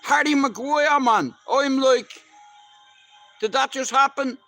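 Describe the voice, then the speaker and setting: A man's voice: very high voice, slow pace, sharp tone, soft background music. A middle-aged Irish man chatting casually to live viewers, swearing freely as he rambles through stories. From Ireland. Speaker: livestream host.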